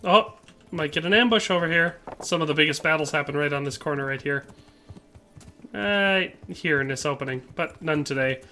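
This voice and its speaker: A slightly high, sharp-toned male voice at normal speed, with a bit of background noise. He's livestreaming a game, reading viewers' comments out loud and firing back playful jokes.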